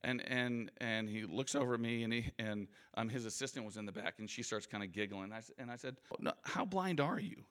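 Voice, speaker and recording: A man with a fairly low voice works a live audience as a guest speaker. He tells his points through long, rambling anecdotes. His delivery is conversational and self-deprecating. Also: fairly even intonation, brisk, few pauses, a bit bright, clean tone. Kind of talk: anecdotal motivational talk.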